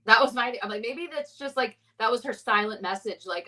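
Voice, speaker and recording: Bubbly giggly woman, bright voice. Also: on the high side, fairly quick, recorded from a distance, rough recording. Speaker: podcast co-host. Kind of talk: casual chat.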